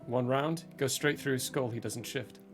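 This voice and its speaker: A man of middle pitch runs a horror tabletop game as game master. He narrates scenes and gives rulings in a calm, matter-of-fact way, with soft music playing behind him. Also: moderate pace.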